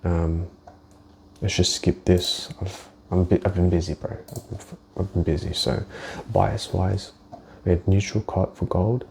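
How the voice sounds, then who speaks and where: A deep-voiced man with a gravelly, mellow tone talks loosely through his market analysis. He thinks aloud, swears now and then, and restarts his sentences. Faint background noise sits under the voice. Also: little pitch movement, unhurried. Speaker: forex trader. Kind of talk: casual screen-share market walkthrough.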